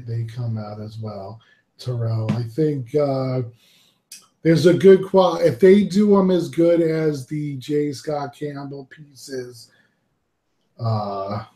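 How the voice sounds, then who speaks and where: Laid-back male podcast host, slow and mellow, roomy echoey room. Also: medium pitch. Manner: relaxed, laughs easily, gives shout-outs. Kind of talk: casual panel chat. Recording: roomy echo.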